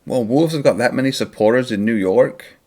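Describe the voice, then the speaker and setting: A man's voice: mid-range voice, brisk, mellow. A man hosting a football watchalong stream, talking in a rambling, opinionated, casual way. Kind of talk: casual live-stream chat.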